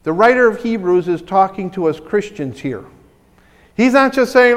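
A high-pitched male pastor delivers a lively sermon in a church sanctuary. He talks with excitable energy and often restarts his sentences. A long hall reverb trails after his voice. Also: normal speed. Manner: animated, excitable preaching with many restarts.

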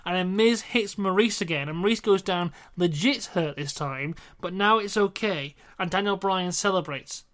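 A man's voice: sits high, normal speed, few pauses, fairly bright tone. A young man co-hosting a podcast, casually recapping in a wry, rambling way. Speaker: podcast co-host. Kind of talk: casual chat reviewing wrestling.

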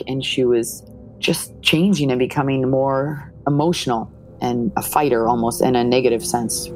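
A woman's voice: rumbling low, fairly even intonation, normal speed, darkish tone, faint music behind. A woman, a mother, giving an earnest, emotional account of her family's story. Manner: earnest, retelling scenes with quoted dialogue.

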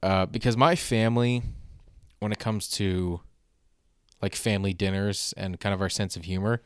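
A young man delivering a rambling comedic monologue, halting often with fillers and restarts. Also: fairly low pitch, steady tone, clean tone, no room sound, studio quality. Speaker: stand-up comedian.

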